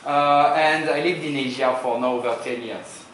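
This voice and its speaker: A man from France in his forties jokes through an informal sales seminar in a hotel conference room, putting questions to the audience in his French accent. His mid-range voice is steady, a bit bright, and moderately paced. He's heard from afar in a very echoey room, with slight background noise.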